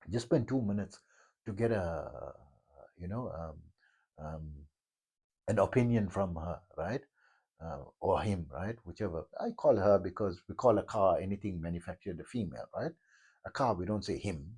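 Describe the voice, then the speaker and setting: A middle-aged man speaks in a low, dark and husky voice, a yoga teacher wandering through a long personal monologue. His pitch swings lively up and down as he circles back on himself with fillers and false starts. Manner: meandering, many fillers and restarts.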